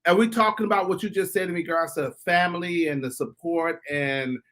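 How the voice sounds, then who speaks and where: Excited panel guy, voice a bit high, stumbles and repeats himself getting going. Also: fairly quick. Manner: excited, repeats words when starting. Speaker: panel guest. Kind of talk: casual panel chat.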